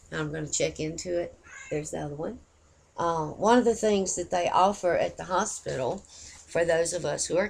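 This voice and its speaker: Low, gravelly woman in her fifties. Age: 50s. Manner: chatty, rambling and folksy. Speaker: vlogger. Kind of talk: casual chat to camera.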